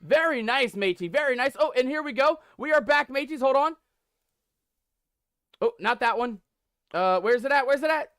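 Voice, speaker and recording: High-voiced man hyping a pirate-themed stream. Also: expressive, normal speed, long pauses, a bit bright, clean tone, no echo. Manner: playful pirate-captain banter, hype and repetition. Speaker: live streamer. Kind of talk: live game stream commentary.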